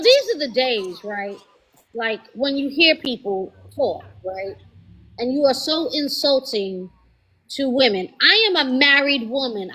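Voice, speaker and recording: Brief: woman, 40s, high and bright tense voice, indignant debater who repeats herself. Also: poor audio. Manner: indignant, repeats words for emphasis. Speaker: live panel speaker. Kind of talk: heated live-stream debate.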